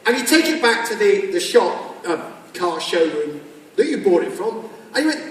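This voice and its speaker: High-voiced man joking through a talk. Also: very animated, normal speed. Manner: jokey, acts out little scenes with quoted voices. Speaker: keynote speaker. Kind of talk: humorous business talk. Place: large conference hall. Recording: echoey hall from far off.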